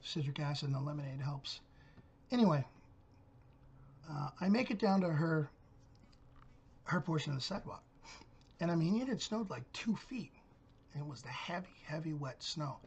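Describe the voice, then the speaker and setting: A man's voice: fairly high pitch, lively intonation, moderate pace, long pauses, lo-fi sound. A middle-aged man hosting his own channel, telling a story in a blunt, profane rant. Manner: blunt, gruff, cursing storyteller. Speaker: channel host.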